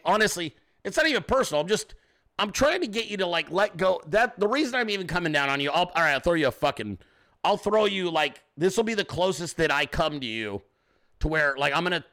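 A man's voice: high voice, lively intonation, fairly quick, pushed and bright. A man hosting a livestream, ranting profanely and combatively at commenters in his chat. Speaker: show host.

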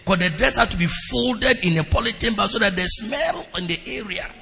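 A man preaching a sermon as a pastor, telling stories to his congregation with lively, exclamation-filled delivery in a church hall. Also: high-pitched, normal speed, gravelly, soft background music. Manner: animated storytelling preaching with repeated exclamations. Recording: long reverb of a large hall.

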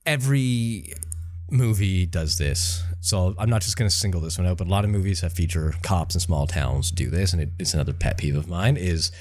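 A man's voice: low voice, brisk, darkish tone. A man co-hosting a podcast, ranting about a film he disliked, swearing freely and stammering through restarts. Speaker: podcast co-host. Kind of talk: casual chat, ranting film review. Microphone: remote recording, separate room from co-host.

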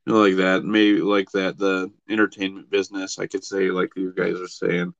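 A man's voice: low voice, little pitch movement, normal speed, vocal fry, dry recording, lo-fi sound. A man co-hosting a podcast in casual chat, blunt and profane, hedging often. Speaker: podcast co-host.

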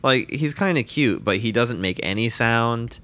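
A man's voice: mid-range voice, animated, measured pace, fairly bright tone. A young man co-hosting a casual podcast chat, rambling with lots of fillers and restarts. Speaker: podcast co-host.

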